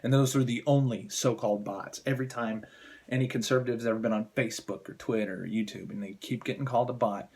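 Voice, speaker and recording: A man's voice: mid-range voice, steady tone, quick pace, darkish tone, husky. A man ranting as a political commentator in a vlog, heated, contemptuous and swearing constantly. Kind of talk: angry political rant vlog.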